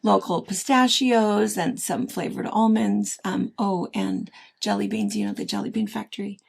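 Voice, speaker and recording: A woman's voice: medium pitch, animated, normal speed, gravelly, breathy edge. A middle-aged woman co-hosting a casual chat, rambling and telling stories with many restarts. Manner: chatty, rambling, warm storytelling with restarts. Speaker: co-host of a quilting shop chat show.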